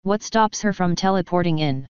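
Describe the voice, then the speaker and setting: A woman's voice: fairly low pitch, moderate pace, smooth, no echo, natural voice. A woman voicing an elegant, theatrical female pony with a refined, airy manner. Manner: airy, refined, says darling. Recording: dull lo-fi dry recording.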